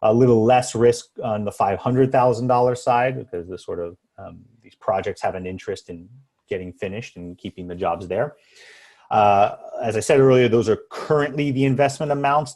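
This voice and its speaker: A man's voice: mid-range voice, darkish tone. Man explaining immigration law on a webinar. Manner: explanatory, many fillers and restarts. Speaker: immigration attorney presenter. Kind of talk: webinar presentation. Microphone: video call.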